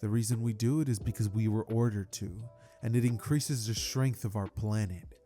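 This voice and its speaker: A man voicing a stern alien mother who speaks in a flat monotone. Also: fairly low pitch, normal speed, soft background music, lightly acted. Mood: cold.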